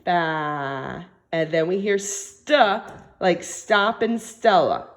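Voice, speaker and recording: This recording features a woman patiently leading small children through phonics, slowly calling out words and sentences and encouraging them generously. Her pitch is medium.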